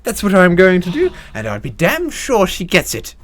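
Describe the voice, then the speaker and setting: A woman's voice: fairly low pitch, huge pitch swings, moderate pace, voice pushed up. A woman voicing an indignant, gossiping wealthy society woman in an improvised tabletop game. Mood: pompous outrage. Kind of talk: improvised tabletop role-play.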